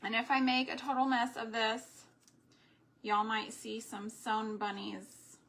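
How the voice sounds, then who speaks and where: A fairly high-voiced woman talks unhurriedly through a live crafting session, wandering from one aside to the next as she works. Her delivery is relaxed and conversational, never rushed. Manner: rambling, chatty asides while working. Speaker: homesteading craft host. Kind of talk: chatty live craft stream.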